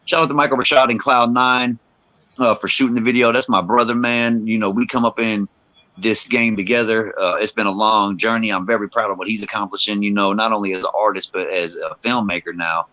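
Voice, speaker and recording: A man's voice: fairly low pitch, brisk, dry recording, dull audio. A man, a rapper guest telling stories in casual interview chat and acting out quotes. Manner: animated storyteller, acts out quotes.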